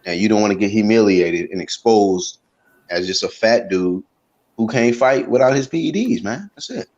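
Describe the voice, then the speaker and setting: Man, deep voice, boxing talk co-host, blunt and profane, muffled lo-fi sound. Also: animated, normal speed, darkish tone. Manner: blunt, heated, profane critique. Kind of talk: casual live-stream chat.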